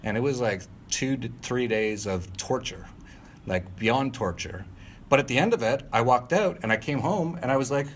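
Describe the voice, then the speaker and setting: A man's voice: mid-range voice, expressive, normal speed, a little hiss or hum. A middle-aged man recounting a personal story as an interview guest, rambling with many fillers and restarts and breaking into short laughs. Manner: rambling, frequent fillers and self-corrections, laughs mid-sentence. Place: at home.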